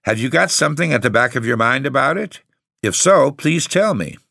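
A man voicing an irritable, scoffing gentleman who speaks in sharp, indignant outbursts. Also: medium pitch, very animated, a little fast, dry recording, clean studio sound, voice pushed up. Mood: irritated.

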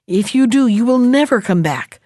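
A woman's voice: a little high, lively intonation, moderate pace, no room sound, studio quality, voice pushed up. A woman voicing a blunt, cheeky young boy who gives warnings in a folktale. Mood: urgent. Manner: bright, insistent warnings.

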